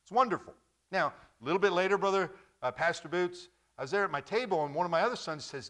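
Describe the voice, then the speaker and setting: High, bright-voiced preacher telling jokey stories. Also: male voice, fast talker. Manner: lively, repetitive, joking storytelling. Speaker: pastor. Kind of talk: sermon.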